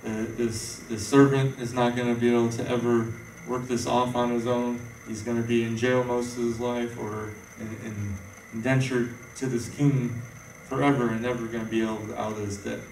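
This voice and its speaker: A man's voice: medium pitch, level tone, normal speed, a little mellow, slight background noise. A man preaching an informal sermon, rambling and conversational with many fillers and restarts. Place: church hall. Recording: echoey room, voice from far off.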